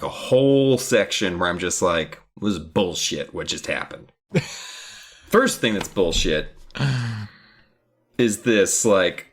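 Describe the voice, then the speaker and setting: A man co-hosting a podcast in casual chat, rambling, giggling and sarcastic as he picks apart a book. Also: fairly low pitch. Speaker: podcast co-host.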